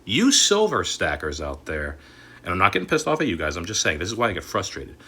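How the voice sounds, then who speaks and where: Furious swearing man with a husky voice. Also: deep voice, wildly swooping pitch, brisk. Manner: angry and swearing, swings from shouting to muttering. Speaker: crypto and collectibles YouTuber. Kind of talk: profane ranting vlog.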